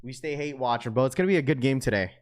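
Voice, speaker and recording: A man's voice: medium pitch, racing. Man, livestream host, casual chat, slangy, says bro a lot, joking. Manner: slangy, keeps saying bro, reads viewer comments aloud; laughs often, loose and joking.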